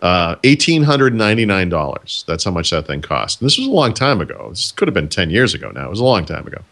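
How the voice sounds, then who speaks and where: A man with a very low voice co-hosts a relaxed tech chat, delivering his stories and jokes in a dry, deadpan way. His speech is unhurried and conversational. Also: gravelly. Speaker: podcast co-host. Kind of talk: casual chat.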